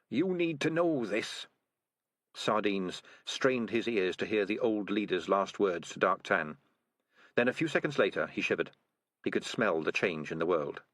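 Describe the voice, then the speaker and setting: A man narrating a fantasy audiobook in expressive scripted storytelling. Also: low-pitched, no echo.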